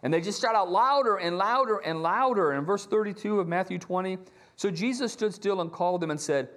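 A man's voice: sits high, fairly quick, a bit bright. A middle-aged man preaching a sermon as a pastor, telling stories with animation and acting out quoted lines in shifting voices.

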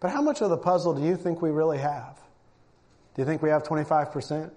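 A man's voice: fairly high pitch, quick pace, a little mellow. A man preaching a sermon, reading scripture aloud and pressing his points with emphasis. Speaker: pastor.

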